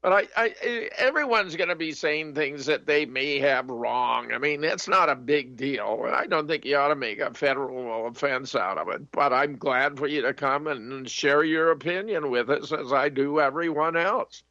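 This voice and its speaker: Older male call-in host, bright tone, brisk and polite, dry lo-fi sound. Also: fairly high pitch, no echo. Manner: polite, brisk, moves callers along. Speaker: radio talk show host. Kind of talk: call-in radio hosting.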